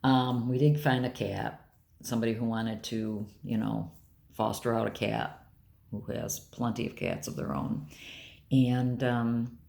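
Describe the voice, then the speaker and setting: A woman's voice: very deep voice, fairly even intonation, a little slow, creaky, darkish tone. An older woman talking candidly and bluntly in a rambling personal vlog. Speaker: vlogger.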